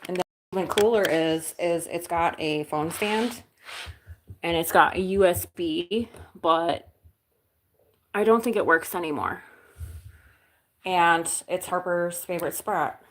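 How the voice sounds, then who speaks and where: With a voice on the low side, a woman talks slowly and leaves long pauses as she chats with live-stream viewers during household chores. She's from Illinois, blunt and casual, answering comments and swearing occasionally. The setting is her kitchen and living room with windows open, recorded as roomy home audio with faint background noise.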